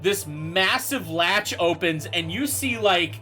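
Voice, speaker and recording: Male game master, high bright voice, loose rambling narration. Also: animated, takes it slowly, soft background music. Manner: loose, rambling, full of fillers.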